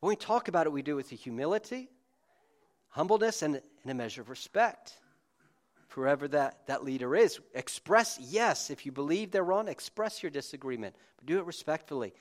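A man delivering a sermon to a congregation in a meeting room, his voice sitting a little higher than most men's. He speaks in a loose, conversational way, often restarting his sentences and adding side remarks. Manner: informal, with frequent restarts and asides. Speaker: preacher.

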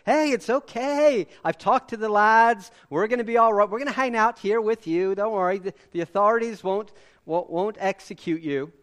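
A man's voice: high-pitched, normal speed, fairly bright tone, pitched above the performer's own voice. A man putting on a casual, laid-back apostle who soothes a panicked jailer in a breezy, joking way. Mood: reassuring.

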